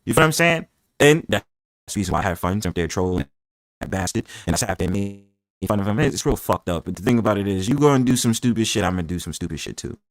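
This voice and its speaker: A man hosting a casual live-stream panel chat, talking in a brash, profane, animated way full of boastful trash talk. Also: fairly low pitch, fast talker, no room sound. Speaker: livestream panel host.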